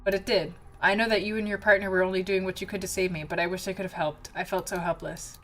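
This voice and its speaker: A woman reading the lines of a sad, quiet young shrine maiden girl from a story game, in a soft, subdued way. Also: mid-range voice, little pitch movement, quick pace, lightly acted. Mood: wistful.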